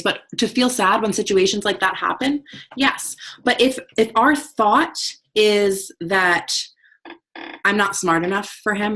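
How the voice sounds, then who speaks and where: A woman's voice: mid-range voice, fairly bright tone, breathy edge. A woman teaching about emotional intelligence in a conversational, motivational way. She keeps checking in with her listeners and talks frankly, with the odd swear word. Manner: frank, uses casual swearing.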